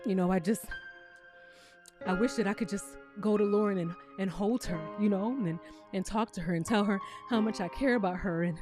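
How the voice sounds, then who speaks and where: A woman's voice: high voice, steady tone, over music, close to an everyday voice. A woman voicing a sulky, self-pitying grown man who mumbles and trails off. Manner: mumbling, halting, sorry for himself.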